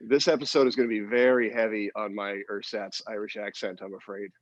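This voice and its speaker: A man in his forties co-hosting a podcast, joking in a playful, animated way over a video call. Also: on the low side, a little fast, no room sound, dull audio. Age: 40s. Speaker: podcast co-host. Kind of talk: casual chat.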